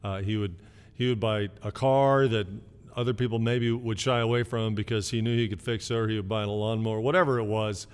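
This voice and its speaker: A middle-aged man from Canada, telling stories about his parents in a casual video greeting, with lots of fillers and pauses. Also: fairly low pitch, fairly even intonation, smooth, big-room sound. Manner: rambling storytelling with many fillers. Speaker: son giving an anniversary message.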